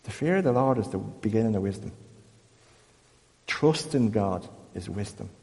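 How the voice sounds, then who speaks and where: A man leading an informal Bible talk for a small group, chatty and self-deprecating, growing more animated as he goes. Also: on the low side, normal speed, big-room sound. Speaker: church group leader.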